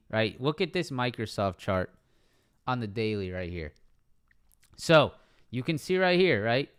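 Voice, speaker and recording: A man's voice: medium pitch, fairly bright tone, smooth. A young man streaming live market analysis, talking casually, repeating price levels and asking "right?" often. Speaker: stock trading live streamer. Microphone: streaming microphone.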